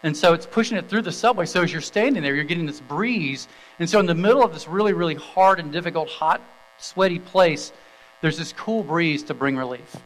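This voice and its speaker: Man preaching a sermon, slightly higher voice. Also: brisk, rough recording. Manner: conversational storytelling with fillers, then reading scripture aloud. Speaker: pastor.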